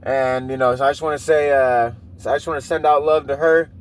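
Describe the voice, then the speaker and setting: A man's voice: medium pitch, fairly even intonation, fairly quick, a little hiss or hum. A man in his thirties hosting a podcast, telling a rambling, profane personal story and often breaking into laughter. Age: 30s. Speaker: podcast host. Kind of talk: casual monologue.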